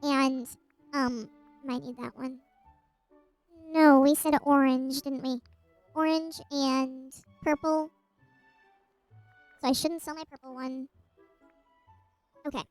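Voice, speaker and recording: A woman's voice: sits high, level tone, slow pace, long pauses, dry recording, faint music behind, low-quality recording. A woman streamer casually retelling a myth while gaming, rambling with asides and restarts.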